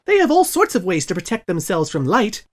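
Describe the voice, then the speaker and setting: Dude voicing a folksy braggy ghost hunter, lively up and down. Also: male voice, high-pitched, fairly quick, heavily acted. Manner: folksy, boastful.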